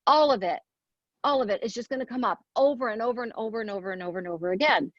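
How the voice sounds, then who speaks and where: A woman's voice: a little high, very fast, a bit bright, no room sound, dull audio. A woman giving an earnest motivational talk, asking rhetorical questions and counting off her points. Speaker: speaker at a women's leadership event.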